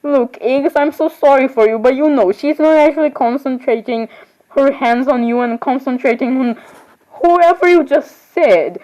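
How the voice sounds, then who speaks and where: A woman's voice: high-pitched, moderate pace, darkish tone, low-quality recording. A woman voicing every doll in an improvised role-play, talking in a rambling, chatty way with sudden surprised squeals. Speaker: voicing all the dolls in a homemade role-play.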